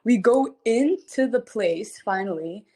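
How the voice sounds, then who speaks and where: A young adult woman telling a story to fans in casual livestream chat, animated and full of fillers, laughing often between phrases. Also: fairly high pitch, a little slow, breathy edge. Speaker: singer chatting with fans.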